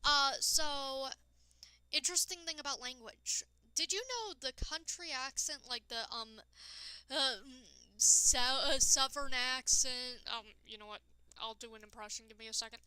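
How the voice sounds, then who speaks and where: A woman streaming a game and chatting casually with her viewers. She talks in a rambling way, addresses chat directly and sounds tired and low-energy. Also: unhurried, pushed and bright, clean tone, no echo, rough recording. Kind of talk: casual live-stream chat while gaming.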